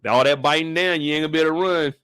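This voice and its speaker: A young man streaming a live recap of a TV episode, riffing in an animated, profane, comic way and acting out scenes. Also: fairly high pitch, racing, smooth, no echo, clean studio sound. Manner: acts out scenes in shouted bursts.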